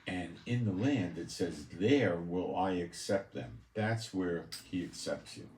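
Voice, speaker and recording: A preacher and Bible teacher from Israel reads scripture aloud, stressing passages loudly and adding blunt, scornful commentary. His voice is deep and slow. The recording, made in an echoey room, carries a little hiss or hum.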